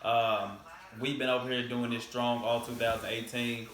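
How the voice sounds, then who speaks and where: A man with a mid-range voice talks in a laid-back way and turns animated when telling stories. His voice bounces around a roomy, echoing space. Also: medium pitch, normal speed. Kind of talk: casual discussion. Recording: echoey room.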